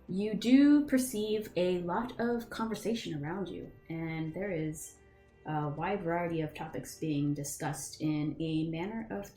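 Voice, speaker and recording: A woman's voice: fairly low pitch, darkish tone, echoey room. A young woman narrating a tabletop game as game master, casual and full of ums and restarts.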